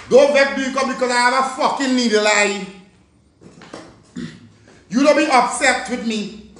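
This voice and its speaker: A woman's voice: fairly high pitch, a bit bright, reverberant, a little hiss or hum. A Jamaican woman delivering a profane, taunting rant aimed at someone, scolding her directly. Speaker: vlogger. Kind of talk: angry social media rant.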